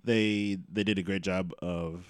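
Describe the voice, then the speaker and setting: A man's voice: deep voice, fairly even intonation, a little slow, clear, resonant tone, dry recording. A man co-hosting a podcast in casual chat, steering the talk with dry teasing. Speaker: podcast co-host.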